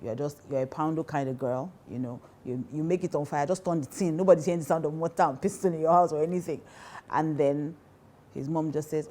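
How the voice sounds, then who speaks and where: A Nigerian woman pastor talks frankly to women, driving her points home by repeating them and often breaking into laughter. Her voice sits low and mellow, warm rather than bright. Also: fast talker. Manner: emphatic and animated, repeats key phrases, laughs often. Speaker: pastor and counselor. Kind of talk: advice talk to women.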